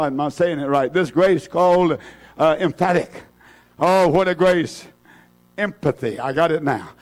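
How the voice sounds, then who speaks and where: High-voiced fervent preacher man. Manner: fervent, repetitive preaching with many fillers and restarts. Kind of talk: revival sermon.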